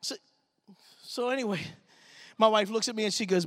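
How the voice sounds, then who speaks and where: A middle-aged man from Pittsburgh preaching a sermon in an animated, storytelling, street-talking way. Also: high voice, normal speed, no room sound, studio quality.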